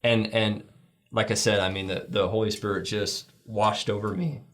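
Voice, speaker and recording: A man's voice: little pitch movement, normal speed, a bit bright. A middle-aged man, a guest on a church talk show, telling a heartfelt story with many restarts, lifting his voice when he quotes people. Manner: rambling, heartfelt, acts out quoted lines in a higher voice.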